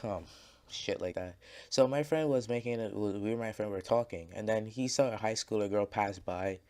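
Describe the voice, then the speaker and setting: A man's voice: lowish voice, normal speed, darkish tone. A man casually telling a story over gameplay, rambling and swearing, with lots of fillers and restarts. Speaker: gaming channel creator.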